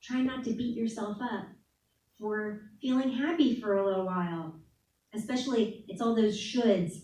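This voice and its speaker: A woman's voice: fairly high pitch, normal speed, mellow. A woman giving a candid, casual talk at a spiritual center, laughing often and saying "like" a lot. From New Orleans. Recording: echoey room, voice from far off.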